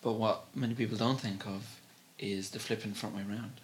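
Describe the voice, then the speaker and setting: A young adult man, trading dry, deadpan quips as a podcast co-host. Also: on the low side, normal speed, heavy background noise. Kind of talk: casual comedic chat.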